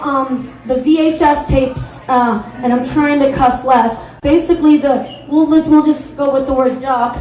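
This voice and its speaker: A woman from the Midwest in her thirties doing a candid, rambling stand-up set at an open mic. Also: high voice. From American Midwest. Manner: candid, rambling storytelling with many fillers. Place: bar stage at a live open mic. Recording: echoey live room.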